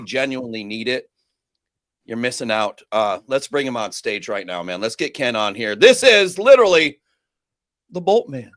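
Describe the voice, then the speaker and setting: A man hosting a casual livestream, excitable and swearing as he banters and hypes up guests. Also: medium pitch, dry recording, studio quality. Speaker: livestream host.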